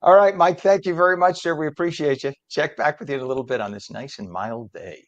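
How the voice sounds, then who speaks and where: Chatty middle-aged TV morning host. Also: male voice, fairly high pitch, fast, muffled recording. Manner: chatty, rambling, self-deprecating. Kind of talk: live TV news and talk hosting.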